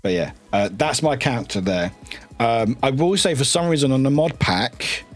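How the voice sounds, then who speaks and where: A man chatting casually on a live stream, excitable and often laughing and swearing. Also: mid-range voice, normal speed, faint music behind.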